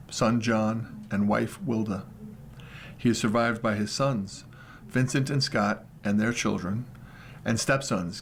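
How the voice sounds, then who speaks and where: A man reading newspaper horoscopes, death notices and comics aloud in a steady, plain manner. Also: mid-range voice, gravelly, a little hiss or hum. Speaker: volunteer newspaper reader. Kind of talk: read-aloud news and features.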